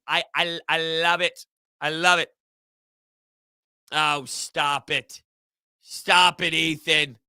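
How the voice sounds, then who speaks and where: A man hosting a casual live sports stream, answering chat in an animated, rambling way. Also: fairly high pitch, clean tone, no echo. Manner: animated, rambling, repeats himself. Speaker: sports podcast host reading live chat.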